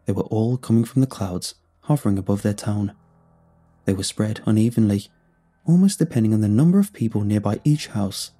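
A man narrating a first-person horror story in a measured storytelling manner. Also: lowish voice, dark tone, husky. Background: faint music.

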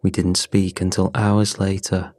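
A man narrating a scripted horror story in a measured, somber way. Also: deep voice, level tone, a little mellow.

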